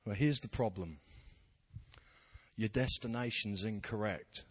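A man's voice: fairly low pitch, a little slow, a bit bright, husky. A man, a pastor, preaching a sermon in an anecdotal, self-deprecating storytelling manner. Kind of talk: sermon with personal stories.

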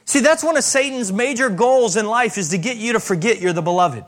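A man preaching a sermon as a pastor, with emphatic rises and slow, stressed repetitions. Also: high voice, animated, a bit bright.

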